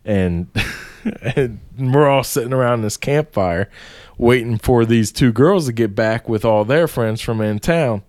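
A man's voice: mid-range voice, measured pace, dry recording. Male storyteller, casual, salty language, dry close sound. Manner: profane, animated storytelling with frequent swearing.

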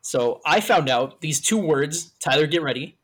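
A man's voice: on the high side, expressive, moderate pace, a bit bright, slightly rough. A man hosting a casual talk show, swearing and laughing easily as he leads the chat. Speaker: host.

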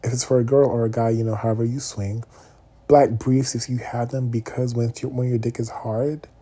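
A young man talking casually to his viewers, candid and animated, often checking in with "okay?" asides. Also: mid-range voice, moderate pace, slightly rough. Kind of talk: casual vlog monologue.

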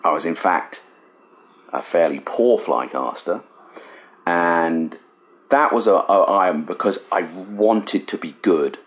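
A middle-aged English man, a fly casting instructor, telling an animated, self-deprecating story in a casual interview in a cabin. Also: sits low, slow pace. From England. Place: riverside cabin.

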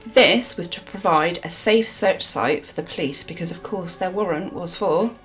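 A woman from England telling a true crime case in a casual chat, with dramatic pauses. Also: on the low side, fairly bright tone, soft background music.

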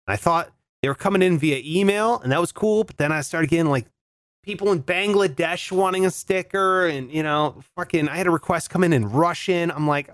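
A man's voice: on the high side, brisk, fairly bright tone, no echo. A man hosting a solo podcast in a casual, laid-back way, swearing freely and calling listeners dude and bro. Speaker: podcast host.

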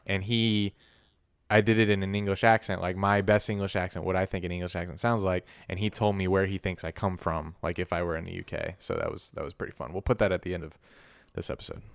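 A man co-hosting a podcast, talking in a relaxed, rambling way full of slang. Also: sits low, quick pace, gravelly, clean tone, no room sound. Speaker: podcast co-host. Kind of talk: casual podcast chat.

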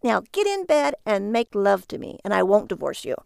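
A woman voicing an exasperated, sharp-tongued wife who scolds with sarcasm. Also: mid-range voice, big pitch swings, moderate pace, creaky, clean tone, dry recording, clean studio sound. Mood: scolding.

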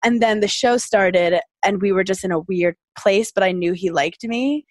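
A young woman is a guest on a podcast. She rambles through personal stories with many fillers. Her voice sits at a middle pitch and is recorded close and dry. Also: normal speed, no echo. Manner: chatty, filler-heavy, rambling, laughing. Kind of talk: casual storytelling chat.

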